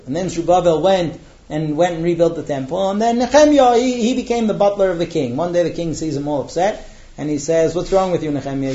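A man with a high voice teaches a Torah class. He intones the Hebrew verses slowly and then retells them in lively story form with voiced dialogue. The recording sounds dull and lo-fi.

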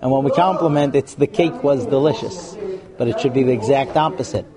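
A man teaches a live class on marriage, speaking frankly and animatedly and acting out what couples say in put-on voices. His medium-pitched voice moves briskly, and audience noise from the live room is audible.

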